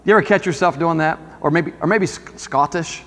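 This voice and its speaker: Male pastor, sermon, chatty and questioning, high-pitched voice, long church-hall reverb. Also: fairly quick, fairly bright tone. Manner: conversational, asks the congregation questions. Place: church sanctuary.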